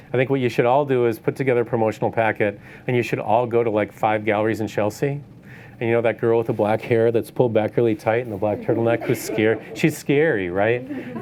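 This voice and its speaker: A man's voice: mid-range voice, a little mellow, a little hiss or hum. A man giving a casual lecture on the art business to photographers, tossing in "right?" and laughing now and then. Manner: conversational, tag questions like "right?", laughs often. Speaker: art dealer giving a talk. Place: event space.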